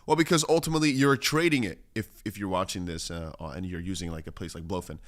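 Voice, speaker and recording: Low-voiced and fast-talking, this man runs a casual crypto livestream from his home studio in Dubai. He rambles through chart commentary while reading viewers' comments aloud.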